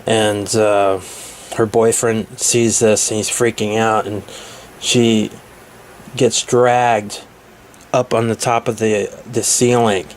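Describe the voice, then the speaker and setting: A man retelling a movie's plot in a casual review, halting often with filler pauses. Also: lowish voice, level tone, a little hiss or hum. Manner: hesitant, many filler pauses.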